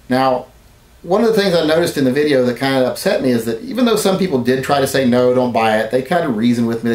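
Man, vlogger, rambling mock-serious apology, echoey room. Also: mid-range voice. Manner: rambling, deadpan then mock-outraged rants. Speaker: gun channel vlogger.

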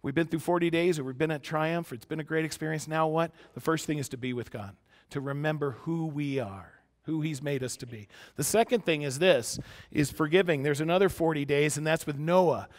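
A man preaching a conversational sermon to a congregation, moving between emphatic points and quiet, soft-spoken asides, picked up by a church microphone. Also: a little high, a little fast. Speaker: pastor. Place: church sanctuary before a congregation. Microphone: church sound system microphone.

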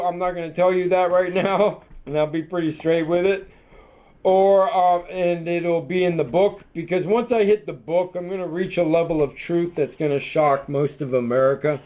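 A man's voice: high voice, unhurried, a little mellow, slight background noise, rough recording. A man hosting a home cooking show, rambling casually to the camera as he cooks. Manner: loose, talks to camera with fillers like "man" and "right". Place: home kitchen.

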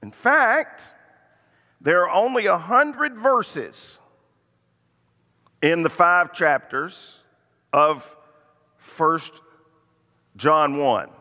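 A man's voice: on the high side, lively intonation, very slow, pauses often, pushed and bright. A middle-aged man leading a church Bible study, telling stories and lifting his voice for emphasis. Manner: storytelling, lifts voice for emphasis. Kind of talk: church teaching. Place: church hall. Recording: long hall reverb.

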